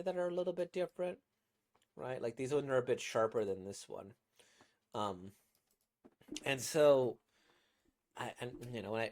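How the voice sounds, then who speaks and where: A man's voice: medium pitch, darkish tone. Rambling, self-critical man reviewing comics. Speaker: manga reader and reviewer. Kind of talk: casual reaction commentary.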